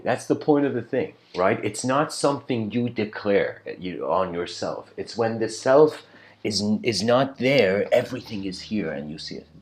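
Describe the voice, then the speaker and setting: In a lowish voice, a man delivers a spiritual lecture like a loose, meandering story, peppered with "you know" and "like." He slows down whenever he wants a key point to land.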